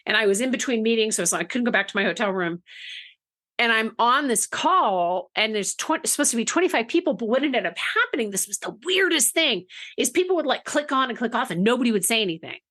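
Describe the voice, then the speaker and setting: A woman telling an anecdote in casual podcast talk, chatty and animated, often laughing between phrases. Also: fairly high pitch, fast talker. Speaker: book marketing guest.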